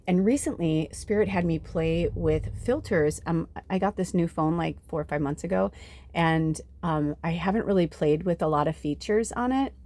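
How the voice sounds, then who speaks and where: A woman's voice: on the low side, moderate pace, mellow. A woman in her forties, a spiritual reader, telling a personal story in a chatty, emotional way, acting out what others said and swearing freely. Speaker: spiritual reader and channel host. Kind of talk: casual storytelling to camera.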